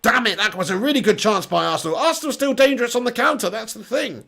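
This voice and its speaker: A man hosting a live football watch-along, chatting casually, reading out viewer comments and breaking into excited play-by-play. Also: high voice, fast talker, gravelly.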